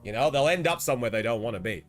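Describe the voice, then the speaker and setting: A man's voice: mid-range voice, lively intonation, rapid-fire, faint music behind. A man with an Australian accent chatting casually to his live chat as a streamer, slangy and laughing often.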